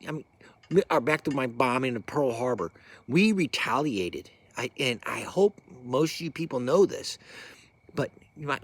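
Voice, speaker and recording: A middle-aged man who served in the military, giving an angry, profane, rambling rant that swings from low mutters to loud bursts. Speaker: military veteran ranting.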